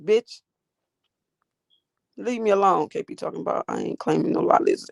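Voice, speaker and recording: A woman's voice: mid-range voice, moderate pace, gravelly, pauses often, no room sound. A woman hosting a livestream from her phone, ranting at her chat in a profane, combative, sassy way. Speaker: livestream host. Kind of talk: casual live-chat rant.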